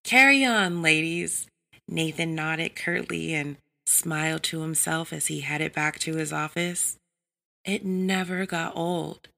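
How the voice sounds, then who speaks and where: A woman narrating an adult story in a measured, even reading style. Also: sits low, gravelly.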